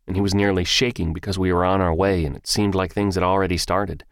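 A man narrating a first-person story in an audiobook, with measured, even storytelling. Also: low-pitched, dry recording, studio quality.

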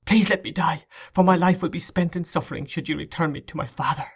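A man's voice: fairly high pitch, quick pace, gravelly, slightly rough, pitched above the performer's own voice, exaggerated voice. Man voicing a frightened tearful young girl. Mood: desperate. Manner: pleading, tearful. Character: frightened desperate young girl, abused bride.

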